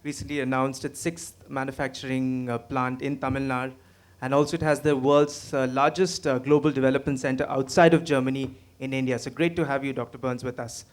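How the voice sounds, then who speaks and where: A man's voice: mid-range voice, little pitch movement, brisk. A man moderating a conference session and introducing speakers, courteous and hesitant with fillers.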